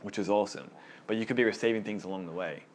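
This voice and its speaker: A man's voice: fairly low pitch, rapid-fire, slight background noise. A man leading a small Bible study group, teaching casually and earnestly, often repeating words as he gets going.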